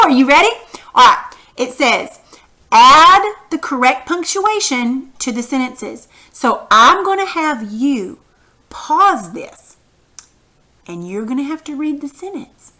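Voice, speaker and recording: A woman with a rather high, sharp voice teaches young children a punctuation lesson. Patient and encouraging, she reads example sentences aloud with exaggerated emphasis.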